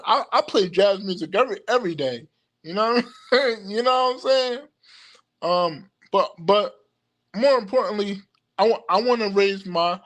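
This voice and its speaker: A young man hosting a livestream, talking casually to his viewers, halting and full of stammered restarts, often laughing. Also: sits high. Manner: addresses viewers directly as "y'all". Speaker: occult livestream host. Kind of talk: rambling casual livestream talk.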